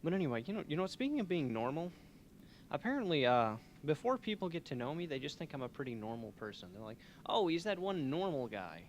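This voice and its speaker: A man's voice: on the high side, big pitch swings, quick pace, a little hiss or hum. Rambling young man hosting college radio. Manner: joking, rambling, self-mocking. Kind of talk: rambling comedic radio chat.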